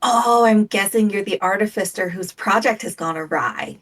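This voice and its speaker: A woman playing a tabletop game, calm and practical, thinking out loud about her character's next move. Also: medium pitch, normal speed. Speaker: player. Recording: voice a bit far from the mic.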